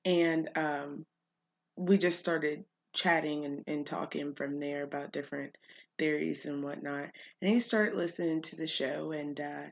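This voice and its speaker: A woman's voice: low voice, steady tone, a little slow, gravelly. A woman podcast host, telling a story in a chatty way, laughing often and using many fillers. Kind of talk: casual storytelling monologue.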